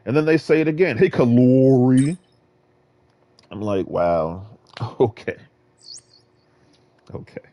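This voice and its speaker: Animated trash-talking man from Virginia. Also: fairly low pitch, unhurried, pauses often, lo-fi sound. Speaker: gaming vlogger. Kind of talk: casual ranting monologue.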